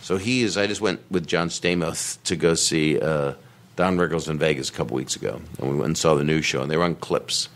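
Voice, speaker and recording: A man's voice: very deep voice, a little fast, fairly bright tone. A man appearing as a comedian guest on a podcast, rambling through anecdotes in casual chat and often breaking into laughter. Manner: rambling storyteller, breaks into laughter and mimics people he quotes.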